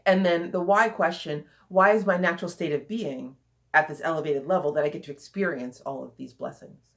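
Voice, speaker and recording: Female coach, casual teaching talk, slightly low voice, animated and repetitive for emphasis. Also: a little fast. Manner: lively, chatty, repeats phrases for emphasis.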